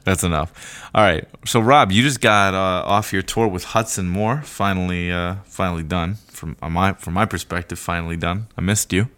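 A man's voice: sits low, moderate pace, hardly any pauses, fairly bright tone, smooth. A man hosting a podcast in casual chat, rambling with lots of fillers and laughing easily. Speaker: podcast host.

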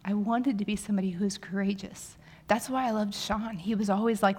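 A woman's voice: on the high side, moderate pace. A woman in her forties preaching a sermon, candid and self-deprecating, telling personal stories with animation.

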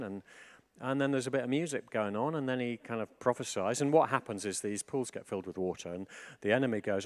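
A man giving an informal sermon, animated, swinging from hushed reflection to excited emphasis. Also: medium pitch, fast talker. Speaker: preacher.

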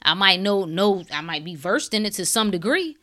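A woman's voice: medium pitch, big pitch swings, moderate pace, pushed and bright. A woman in a casual monologue, blunt and preachy, firing off sarcastic rhetorical questions in slangy talk.

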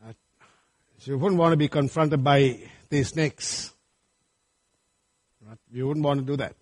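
Husky-voiced preacher from Sri Lanka. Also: male voice, mid-range voice, unhurried. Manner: animated, often asks listeners "right?" and calls them friends. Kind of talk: sermon.

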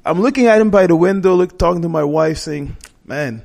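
A man's voice: high voice, quick pace, gravelly, a little mellow. A middle-aged man telling a heartfelt personal story as a guest in a conversation, talking earnestly and often restarting and correcting himself.

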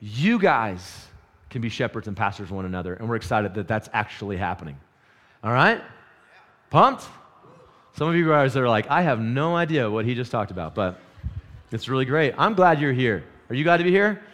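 A man's voice: medium pitch, normal speed. A man preaching a casual sermon, telling a story and asking the congregation questions. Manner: animated, storytelling, asks the crowd questions; quiet and hushed in prayer. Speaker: pastor.

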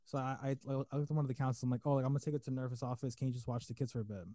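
A man's voice: mid-range voice, little pitch movement, racing, dark tone, no echo. A man co-hosting a casual podcast, telling a long story with lots of fillers and restarts. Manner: rambling, many fillers and restarts. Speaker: podcast co-host.

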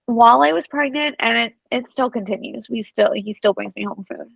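Give me a young woman podcast co-host with a gravelly, fairly high voice, animated in casual chat. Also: brisk, no echo, low-quality recording. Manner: animated storyteller who acts out quotes.

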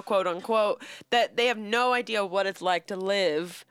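A young woman from San Diego co-hosting a casual podcast, blunt and quick to swear and laugh. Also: medium pitch, a bit bright, clean tone, no room sound, faint music behind. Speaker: podcast co-host.

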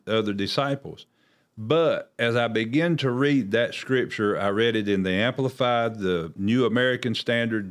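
Earnest man discussing scripture, low voice. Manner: earnest, preacher-like, quotes scripture with raised emphasis. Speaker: host. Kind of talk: casual Bible discussion.

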